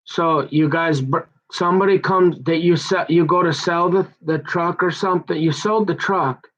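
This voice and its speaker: A man telling a long, aggrieved personal story in a rambling monologue, halting and restarting his sentences as he goes. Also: fairly high pitch, a bit bright. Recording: dull muffled lo-fi recording.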